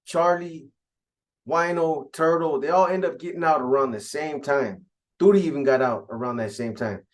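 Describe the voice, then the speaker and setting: Man telling street stories, higher-pitched. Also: moderate pace. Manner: streetwise, profane slang. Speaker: storyteller recounting prison gang history. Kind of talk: casual spoken storytelling.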